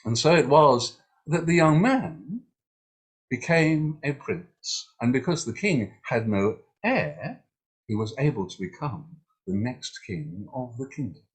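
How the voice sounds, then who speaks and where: Playful, animated male storyteller. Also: mid-range voice, takes it slowly, slightly rough. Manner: playful, animated, with mock drama. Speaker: storyteller and event host. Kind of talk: storytelling to an online audience.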